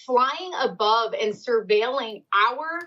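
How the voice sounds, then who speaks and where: Female correspondent, high-pitched and urgent, muffled remote-link sound. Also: lively intonation, slow pace, bright, forceful tone, slight background noise. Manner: earnest, urgent, many fillers. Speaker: news correspondent. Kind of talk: remote interview commentary.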